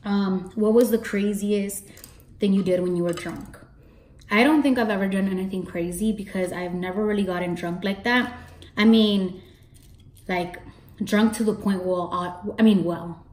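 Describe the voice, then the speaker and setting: A young woman in her early twenties chats to her camera in a loose, storytelling vlog. She swears freely and talks at a middle pitch. The sound bounces around a roomy space. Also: normal speed, darkish tone. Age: early 20s. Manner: chatty, swears freely, acts out her own past lines with rising pitch. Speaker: beauty vlogger. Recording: roomy echo.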